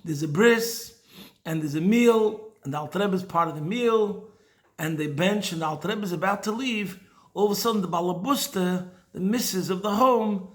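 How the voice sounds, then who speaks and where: A man giving a weekly Torah talk, telling a Chassidic story in a lively way and dropping in Hebrew and Yiddish words. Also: sits high, normal speed. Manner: animated storyteller mixing in Hebrew and Yiddish terms. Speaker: teacher of Chassidic thought.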